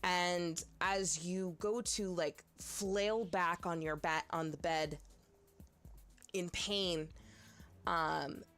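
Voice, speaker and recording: Brief: woman game master, low voice, slow hesitant narration, faint music underneath. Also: steady tone, fairly bright tone. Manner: hesitant, many fillers, second-person narration. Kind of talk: narrating a tabletop horror game.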